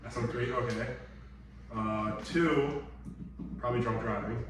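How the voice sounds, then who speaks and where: A man's voice: medium pitch, steady tone, unhurried. Hesitant man, echoey and distant. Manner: hesitant, many fillers. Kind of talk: casual chat among teammates. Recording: echoey room, far from mic, noisy.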